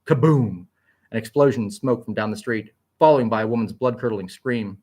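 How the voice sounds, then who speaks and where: Fast-reading low-voiced male storyteller. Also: a little mellow, breathy edge. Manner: quick, vivid, occasional slips and restarts. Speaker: narrator. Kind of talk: expressive story narration.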